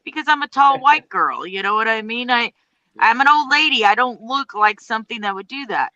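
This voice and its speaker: A woman speaks in casual chat with a higher, sharp, forceful voice. She is blunt and swears freely. The audio is dry and dull, like a lo-fi mic. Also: fairly quick, dry recording. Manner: blunt, profane, opinionated.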